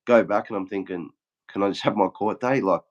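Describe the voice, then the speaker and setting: A man's voice: on the low side, a little fast. Swearing Australian man, lo-fi sound. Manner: swears a lot, acts out quotes in a flat retelling. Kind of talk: casual chat.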